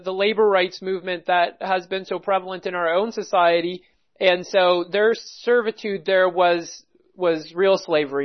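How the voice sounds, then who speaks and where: A man preaching a measured expository sermon, reading and explaining scripture with pauses. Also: high-pitched, muffled recording. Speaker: pastor.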